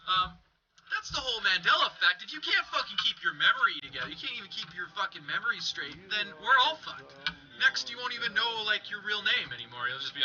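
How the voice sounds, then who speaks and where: A man's voice: sits high, very animated, fast talker, sharp tone, lo-fi sound. A man from Canada ranting in an exasperated, sweary, incredulous way on a comedic vlog. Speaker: vlogger.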